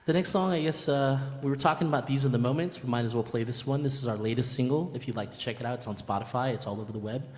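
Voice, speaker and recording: A man from a band telling a lively story in casual chat, laughing and acting out what people said. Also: medium pitch, very fast, hardly any pauses. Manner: animated, laughing, acts out quotes. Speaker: band member, musical guest. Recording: long hall reverb.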